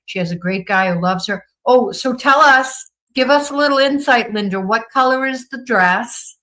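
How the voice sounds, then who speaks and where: Speaking at normal speed in a slightly high, sharp voice, a woman with a Boston accent reads her livestream chat aloud. She answers the comments in an upbeat, gushing, chatty way, and the recording sounds rough.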